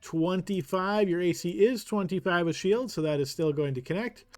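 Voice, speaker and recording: A man narrating a tabletop game as game master, giving brisk, matter-of-fact rulings. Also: high-pitched, faint music behind.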